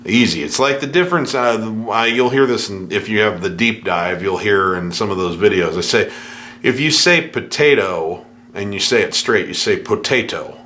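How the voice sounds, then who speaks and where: A man teaching a piano lesson, scatting rhythms in nonsense syllables to show the feel, relaxed and easygoing. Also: on the low side, normal speed, a little hiss or hum. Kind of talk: music lesson with spoken rhythm demos.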